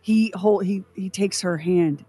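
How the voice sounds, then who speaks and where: A woman co-hosting a podcast in casual chat, an animated storyteller who laughs often. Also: mid-range voice, measured pace, slightly rough, soft background music. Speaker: podcast co-host.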